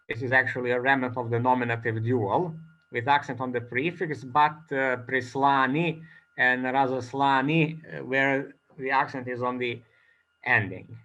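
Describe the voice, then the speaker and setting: A man giving an academic conference talk as a presenter, speaking haltingly with many filler pauses. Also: mid-range voice, bright, forceful tone, highs cut off.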